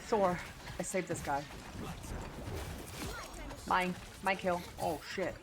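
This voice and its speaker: A woman livestreaming a game, talking crudely to her chat and yelling at her teammates. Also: fairly low pitch, steady tone, slow pace, noisy background. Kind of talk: live gaming stream chat.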